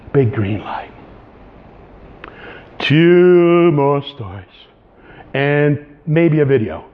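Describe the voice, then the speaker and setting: A male pastor preaching in a playful, animated storytelling style, with little vocal sound effects. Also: high voice, lo-fi sound. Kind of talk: storytelling sermon.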